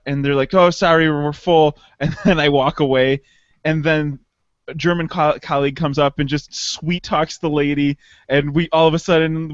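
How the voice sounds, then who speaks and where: A man co-hosting a casual podcast, telling travel stories with lively pitch jumps and mimicked voices. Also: no room sound, highs cut off. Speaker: podcast co-host. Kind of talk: casual chat.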